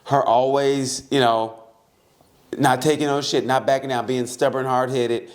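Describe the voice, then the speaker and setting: A man in the middle of a relaxed podcast chat, at an ordinary pitch for his sex. He swears freely and tells his story in bursts, animated and quick to get carried away. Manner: profane, animated storyteller, breaks into laughter while recounting. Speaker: podcast co-host.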